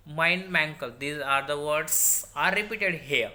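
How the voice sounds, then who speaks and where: Indian English woman, teacher's lecture voice, bright tone; repeats each point twice. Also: low-pitched. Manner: repeats key sentences slowly for dictation. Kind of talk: recorded lecture.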